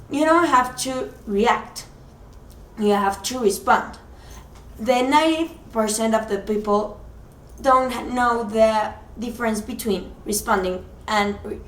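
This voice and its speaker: Earnest woman in a roomy space. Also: on the high side. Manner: earnest, explains with simple examples and gestures to size. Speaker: speaker giving motivational advice. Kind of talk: motivational talk. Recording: roomy sound from a distant mic.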